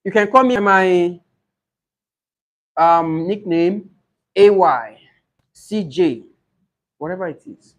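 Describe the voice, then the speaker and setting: A man teaching exam preparation for English speaking tests, explaining slowly and repeating model answers aloud. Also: high voice, animated, lo-fi sound. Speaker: IELTS tutor.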